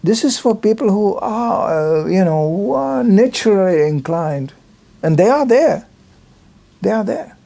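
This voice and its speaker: An older man visiting a temple gives an informal religious talk, recounting anecdotes with slightly non-native phrasing and performing other people's lines in altered voices. He speaks at a measured pace, animated and high-sitting, warm with vocal fry.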